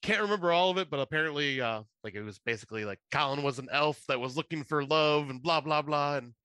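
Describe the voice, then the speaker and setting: A man's voice: on the high side, fast talker, bright, forceful tone, smooth, no echo. A man co-hosting a podcast, telling a long story in casual chat, laughing often and rambling with many fillers. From Michigan. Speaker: podcast co-host.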